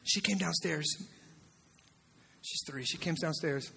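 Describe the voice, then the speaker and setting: Pastor guy preaching, high bright voice, goes from yelling to almost whispering. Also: a little slow, gravelly, a little hiss or hum. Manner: animated, swings from loud shouts to hushed near-whispers. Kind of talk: sermon.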